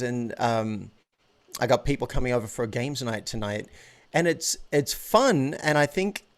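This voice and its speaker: A man talking as a podcast guest and coach in a relaxed, animated way, often stopping and restarting his words. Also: medium pitch. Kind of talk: casual interview chat.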